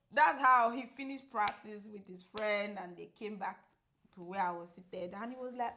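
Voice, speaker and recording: A woman co-hosting a podcast who tells a story in casual chat, acting out the quoted lines and laughing often. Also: moderate pace. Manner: animated, acts out quoted dialogue with big pitch jumps; laughs often while telling. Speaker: podcast co-host.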